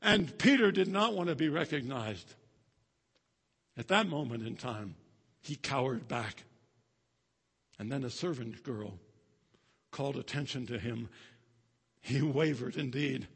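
A male pastor preaching a sermon and telling a story dramatically, swinging between loud and hushed. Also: medium pitch, unhurried, pauses often, slightly rough. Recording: long reverb of a large hall.

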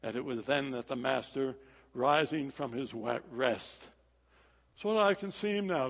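A man preaching a sermon in a dramatic, rhythmic delivery that swings from loud to hushed. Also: medium pitch, normal speed, creaky. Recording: echoey hall.

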